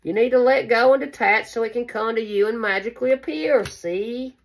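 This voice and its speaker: A woman's voice: fairly high pitch, moderate pace. A woman giving a casual tarot reading to camera, chatty and affectionate, calling her listeners baby. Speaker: tarot card reader.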